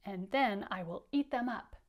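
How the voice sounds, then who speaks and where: A woman voicing a hungry, sly male snake in a children's read-aloud, speaking slowly and drawn out. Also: medium pitch, natural voice. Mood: menacing.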